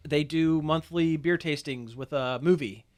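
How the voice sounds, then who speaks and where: Male podcast host, slightly higher voice, loose rambling storyteller. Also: measured pace, a little mellow. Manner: chatty, rambling with many fillers and restarts. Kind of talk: casual chat.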